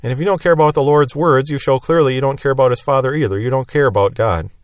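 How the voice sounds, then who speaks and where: A man's voice: medium pitch, fast talker, no room sound, studio quality. A man teaching a Bible lesson verse by verse, explaining plainly and repeating key phrases.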